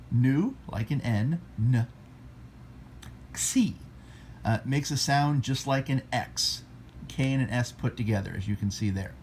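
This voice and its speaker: Here a man works through Greek letters in a relaxed, conversational lesson, sounding each one out slowly and making self-deprecating remarks. His medium-pitched voice is a little mellow and rises and falls as he talks, over a faint hiss or hum.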